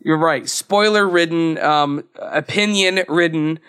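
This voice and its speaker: A man's voice: a little high, slow, bright, forceful tone, clear, resonant tone. A young man co-hosting a podcast, chatting casually and rambling with frequent laughs. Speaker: podcast co-host. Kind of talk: casual chat.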